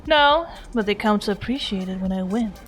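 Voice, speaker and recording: A woman's voice: medium pitch, animated, brisk, natural voice. A woman voicing a cynical, blunt defence attorney in a game, in a dry, matter-of-fact way. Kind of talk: reading a game character aloud.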